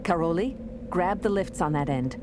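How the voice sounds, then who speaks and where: A woman reading the part of an alert female fighter giving quick orders. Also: fairly low pitch, voice pushed up, close to an everyday voice. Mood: urgent. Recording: noisy recording.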